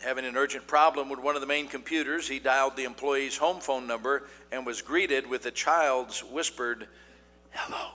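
A man's voice: medium pitch, steady tone, normal speed, hardly any pauses, pushed and bright. A man preaching as a traveling evangelist in a folksy way, peppering his talk with "Amen" and fillers. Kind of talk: sermon. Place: church sanctuary. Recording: long church-hall reverb.

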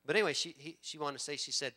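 A man preaching a sermon, swinging from loud emphatic bursts to hushed storytelling. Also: fairly high pitch, very fast. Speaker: pastor.

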